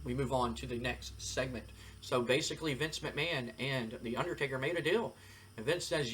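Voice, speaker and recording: A man narrates a wrestling sim playthrough in casual let's-play style. His voice sits at an ordinary pitch for a man, and his delivery is rambling, with plenty of fillers. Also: normal speed, a bit bright, a little hiss or hum. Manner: loose, rambling retelling with fillers. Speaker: game commentator.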